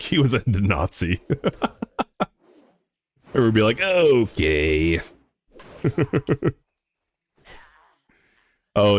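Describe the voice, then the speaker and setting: A young man streaming a game, chatting casually with his viewers in a laid-back, rambling way that stumbles and repeats words. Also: low-pitched. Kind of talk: casual live-stream chat while gaming.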